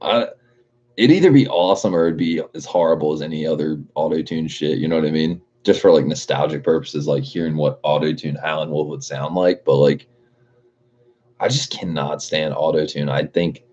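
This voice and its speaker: Male streamer, deep husky voice, laid-back and profane, reads chat aloud, muffled stream audio. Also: darkish tone. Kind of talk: casual livestream chat.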